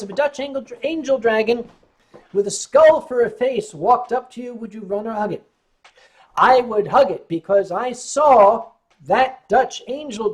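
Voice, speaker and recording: A man hosting a casual livestream, reading out chat comments and answering with wry, rambling jokes while tipsy on wine. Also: very high-pitched. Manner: wry, joking, rambling storyteller.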